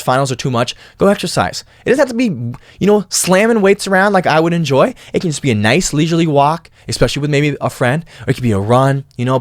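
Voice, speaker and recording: A young man talks straight into a close mic in a dry, unechoing sound, hosting his own podcast. His voice sits a little high, and his delivery is animated and casual. He breaks into loud, playful sound effects at times. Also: no room sound. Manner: animated, bursts into loud mimicked noises. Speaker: podcast host. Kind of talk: casual monologue.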